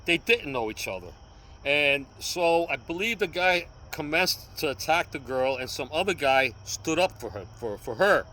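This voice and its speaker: A man's voice: a little high, lively intonation, moderate pace, bright, forceful tone, slight background noise, low-quality recording. An older man, telling a story in casual street talk and punctuating it with sound effects. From New York. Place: outdoors on a city street.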